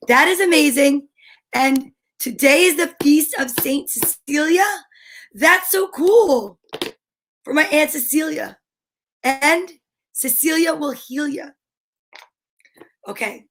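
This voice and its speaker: A woman hosting a show for young viewers, talking with gushing excitement and frequent gasps. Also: high voice, slow pace, pauses often, slight background noise. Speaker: children's show host. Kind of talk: enthusiastic talk to young viewers.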